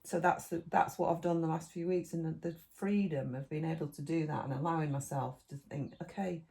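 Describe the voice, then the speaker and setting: A woman's voice: deep voice, steady tone, fairly quick, vocal fry, warm tone. A middle-aged woman, co-hosting a podcast in casual chat, rambling through long lists and restarting her sentences. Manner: rambling, listy, restarts mid-thought. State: eating while talking. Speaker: podcast co-host.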